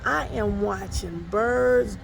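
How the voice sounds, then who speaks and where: Self-filming on her phone camera outdoors by the water behind an apartment complex, a woman apostle and ministry overseer gives a casual devotional talk, folksy and exclamatory, calling listeners honey and y'all. Her voice is mid-range, slow and creaky, with background noise.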